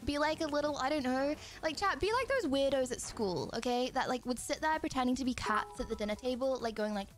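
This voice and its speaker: A woman's voice: sits high, expressive, brisk, few pauses. A young woman in her twenties with an English accent, a streamer rambling and giggling as she chats casually with viewers. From England. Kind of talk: casual live-stream chat. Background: quiet music.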